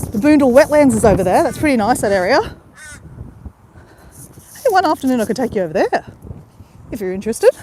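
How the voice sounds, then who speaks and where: A woman's voice: on the high side, a little mellow, a little hiss or hum. Bubbly Australian woman chatting on a walk. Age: middle-aged. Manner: chatty, greets viewers, quick to laugh. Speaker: vlogger livestreaming a walk. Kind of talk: casual live-stream chat. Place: outdoors on a waterside path. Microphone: phone held while walking.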